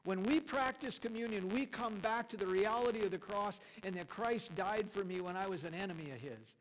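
A man's voice: sits high, fairly quick, rough recording. A man preaching a sermon in a church, talking in a conversational, folksy way with chuckles and emphatic repetition. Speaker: pastor. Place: church sanctuary.

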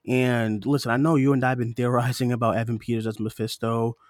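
A young man in his twenties co-hosting a casual podcast, animated and quick with asides. His voice sits mid-range and sounds dry and close to the mic. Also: medium pitch, no echo. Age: 20s. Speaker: podcast co-host. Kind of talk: casual chat.

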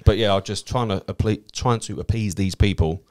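A man's voice: on the low side, brisk. A man with an Essex accent, a cab driver and comedian, telling anecdotes in casual chat and swearing freely. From Essex, England. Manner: swears freely, acts out quoted people in a lively way.

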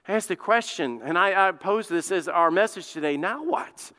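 A man with a high, bright, ringing voice preaches a sermon in an emphatic, stirring way. His clear tone carries a long church hall reverb. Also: normal speed, hardly any pauses. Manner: emphatic, rising to loud repeated exclamations. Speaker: pastor.

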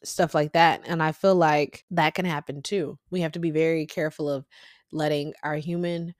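A woman's voice: deep voice, fairly even intonation, moderate pace, darkish tone, no echo, clean studio sound. Emphatic young woman hosting a Bible podcast. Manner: conversational, emphatic, slangy asides. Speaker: podcast host. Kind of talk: casual Bible study podcast.

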